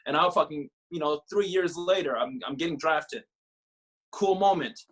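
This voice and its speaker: Profane, animated young man telling stories. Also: a little high, moderate pace, husky. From Canada. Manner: profane, animated, heavy on filler phrases. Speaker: podcast guest, former pro baseball player. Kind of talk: casual interview storytelling.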